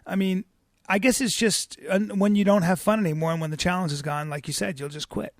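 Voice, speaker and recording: A man's voice: sits high, fairly even intonation, brisk, no room sound. A man hosting a casual interview, playful and rambling, asking questions with many restarts. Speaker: podcast host. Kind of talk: casual chat.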